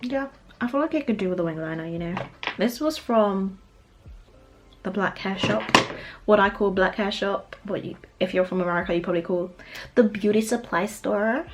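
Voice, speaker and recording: A woman's voice: medium pitch, a little fast, over music. A young woman with a British accent chatting casually while doing her makeup, laughing often. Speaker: beauty vlogger. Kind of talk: get-ready-with-me makeup chat.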